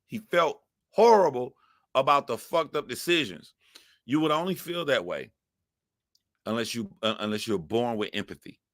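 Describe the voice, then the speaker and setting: A man's voice: medium pitch, animated, normal speed, dry recording, studio quality. A man giving heated, profane commentary to his live chat as a streamer. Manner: profane, emphatic ranting.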